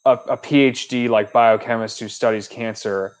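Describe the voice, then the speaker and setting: A man's voice: lowish voice, fairly even intonation, moderate pace, smooth. A young man co-hosting a casual livestream chat, easygoing and chatty with fillers. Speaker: podcast co-host.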